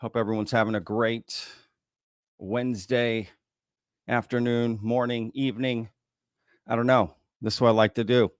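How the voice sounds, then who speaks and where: A man's voice: medium pitch, flat delivery, normal speed, long pauses, clean tone, dry recording, clean studio sound. A man hosting a live stream, chatting casually and greeting viewers in a drawling way. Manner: casual, drawling, says y'all a lot. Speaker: host.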